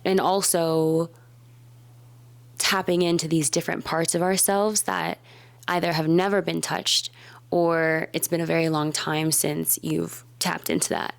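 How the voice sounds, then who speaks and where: A woman vlogging, talking thoughtfully and softly to camera about her own habits and fears, sometimes dropping to a whisper. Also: low voice, flat delivery, measured pace, gravelly. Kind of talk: reflective casual talk to camera. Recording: echoey room with faint background noise.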